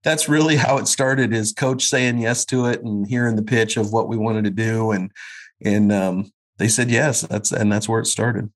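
A man's voice: lowish voice, fairly even intonation, moderate pace. Guest actor man in his fifties, reminiscing. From Kansas City area. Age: 50s. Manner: warm, reminiscing, with many fillers and restarts. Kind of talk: casual conversation.

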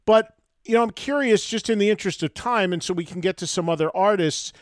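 A male podcast host interviewing a guest and reacting quickly to the answers. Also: sits high, no room sound, clean studio sound. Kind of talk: interview conversation.

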